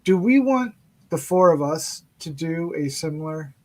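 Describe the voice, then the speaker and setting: A man's voice: on the high side, lively intonation, measured pace, darkish tone, low-quality recording. A man hosting a casual podcast, friendly, laughing often and steering the talk. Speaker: podcast host.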